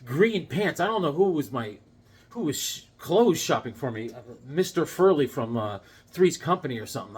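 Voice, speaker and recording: His voice is high, fairly bright and edged with breathiness. A middle-aged comic collector, he recounts a childhood story between comics in a casual show-and-tell vlog, peppered with fillers and restarts.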